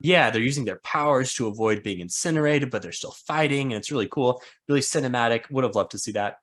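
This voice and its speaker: A man in the middle of a relaxed book-chat podcast, talking loosely and laughing often. He pokes fun at his own ideas and speaks at an everyday pitch. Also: quick pace. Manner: chatty, laughs often, self-mocking. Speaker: podcast co-host.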